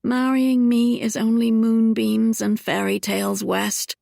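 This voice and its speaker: A woman's voice: fairly high pitch, level tone, measured pace, gravelly, mellow, no room sound, studio quality, voice pushed up. A woman voicing an earnest, emotional young Regency lady in an audiobook, speaking in a pleading, heartfelt way. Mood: distressed.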